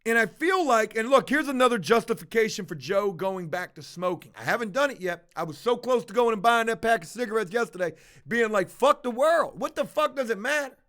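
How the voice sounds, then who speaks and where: A man's voice: high voice, animated, brisk, hardly any pauses, a bit bright. A man livestreaming to his viewers, telling a confessional story in a blunt, profane, casual way. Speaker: livestreaming vlogger.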